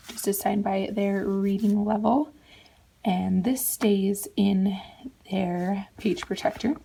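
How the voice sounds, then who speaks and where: A young woman, a second grade teacher, chatting in a casual classroom vlog with a hoarse, half-whispered lost voice. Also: medium pitch, dark tone, low-quality recording. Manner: chatty, rambling, self-correcting.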